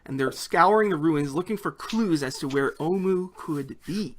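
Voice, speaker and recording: A man narrating a tabletop game as game master, telling the scene with animated storytelling. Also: on the high side, moderate pace.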